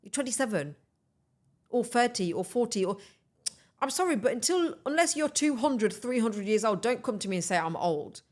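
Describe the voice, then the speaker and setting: A young woman hosting a podcast, chatting in an animated, enthusiastic way and urging her listeners on. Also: a little high, moderate pace. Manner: animated, enthusiastic, talks straight to listeners as "guys". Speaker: podcast host. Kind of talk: casual motivational chat.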